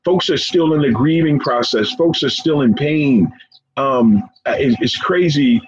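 A man being interviewed as a guest, speaking earnestly and with deep emotion, often repeating phrases and calling his listener "man.". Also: unhurried. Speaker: guest, professor and founder of a forgiveness organization. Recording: dull lo-fi sound with faint background noise.

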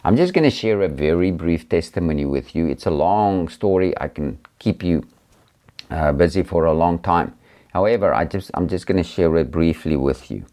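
A middle-aged man from South Africa with a South African accent, sharing a personal testimony in an earnest, gentle way with many hesitations. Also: deep voice, lively intonation, normal speed. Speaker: preacher.

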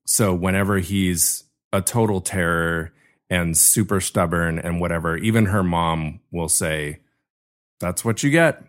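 A man's voice: low-pitched, fairly even intonation, measured pace. A man in casual conversation, an attentive listener who often chimes in with agreement.

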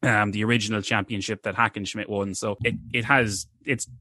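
A man chatting through a history tale on a podcast, his voice sitting a bit low. He rambles and doubles back, full of fillers and self-corrections, in a close, dry-sounding recording. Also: steady tone, a little fast, bright, forceful tone, no echo. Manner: rambling, digressive storyteller with many fillers and restarts. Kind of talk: casual history chat.

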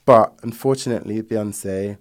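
A man's voice: lowish voice, moderate pace. Blunt, emphatic man ranting. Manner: emphatic, blunt, swearing freely. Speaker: podcast guest. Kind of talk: casual chat.

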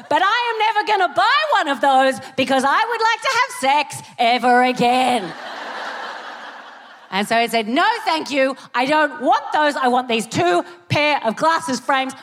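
An Australian woman performs a stand-up set on a theatre stage. Her voice sits fairly high, and she tells her stories animatedly, breaking into shouted punchlines. The room carries a long reverb from the hall. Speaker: stand-up comedian. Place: theatre stage before a live audience.

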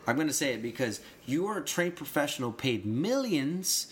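A man's voice: a little high, very animated, moderate pace, fairly bright tone, a little hiss or hum. A man in casual conversation explaining soccer rules, rambling and restarting phrases, with emphatic bursts. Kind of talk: casual chat.

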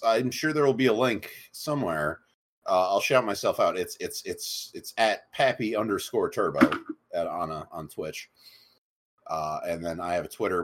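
A man co-hosting a podcast in loose, rambling casual chat, often repeating words as he restarts. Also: low voice. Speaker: podcast co-host.

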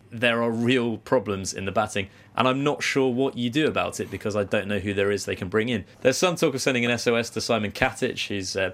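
A man co-hosting a cricket podcast, talking through the game in a measured, analytical way with some hedging. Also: on the low side, fairly bright tone. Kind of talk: casual cricket discussion.

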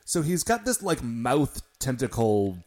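A man co-hosts a podcast and recaps scenes in casual chat. His voice sits at an ordinary middle pitch. He keeps it wry and slips in joking asides. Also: very animated, measured pace, a little mellow. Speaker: podcast co-host.

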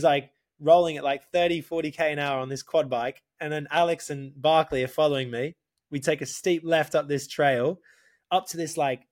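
A young man, a podcast guest, telling a story casually, laughing and swearing as he quotes people. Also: a little high.

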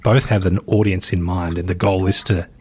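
A man's voice: deep voice, steady tone, moderate pace, a little mellow, breathy edge. A man hosting a podcast interview, enthusiastic and often chiming in with short agreements. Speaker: podcast host. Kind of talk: casual interview conversation.

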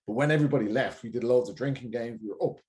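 A man's voice: medium pitch, very fast, darkish tone, a little hiss or hum. A man in his forties guesting on a comedy podcast, telling a self-deprecating party story full of stray facts. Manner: fact-filled, self-deprecating. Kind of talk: anecdotal storytelling.

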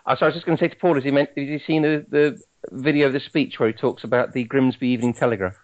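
A man co-hosting a podcast in casual chat, teasing and quick to apologise. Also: medium pitch, steady tone, dull audio. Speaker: podcast co-host.

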